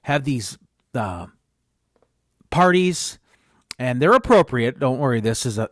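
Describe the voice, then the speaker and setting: A man's voice: mid-range voice, expressive, measured pace, pauses often, no echo, clean studio sound. A man hosting a podcast, rambling through a made-up story and often correcting himself. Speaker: podcast host.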